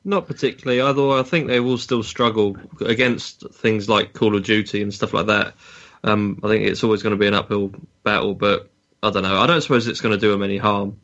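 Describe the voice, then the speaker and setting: A man's voice: on the low side, steady tone, brisk, a bit bright, lo-fi sound. A man co-hosting a casual podcast chat, answering hesitantly and noncommittally and trailing off. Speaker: podcast co-host.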